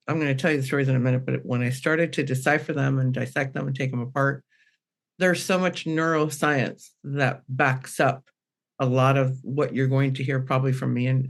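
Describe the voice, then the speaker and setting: A woman medium telling a personal story on a podcast panel, rambling and animated, acting out the quotes. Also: a bass voice.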